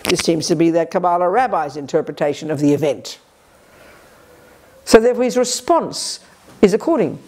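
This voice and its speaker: Energetic woman giving a dharma talk. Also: fairly low pitch, slight background noise. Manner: energetic, sharp, emphatic; quick restarts and self-corrections. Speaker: Buddhist teacher leading a retreat. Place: retreat center.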